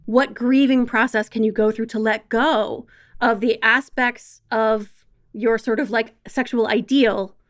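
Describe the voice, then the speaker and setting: A woman sex educator talking frankly and wryly as a podcast guest, emphatic and conversational. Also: a little high.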